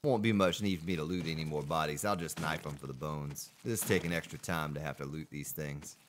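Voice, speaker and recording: A man's voice: very deep voice, fairly even intonation, a little fast, a little hiss or hum. A man streaming a survival game, chatting casually with viewers and greeting them by name. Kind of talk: casual gameplay commentary.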